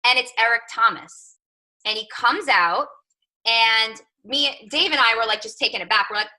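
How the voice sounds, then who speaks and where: A woman's voice: fairly high pitch, moderate pace, sharp tone, rough recording. A woman in her thirties, a coach telling a personal story on a team call, chatty, with lots of "like" and "right?". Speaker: fitness coach.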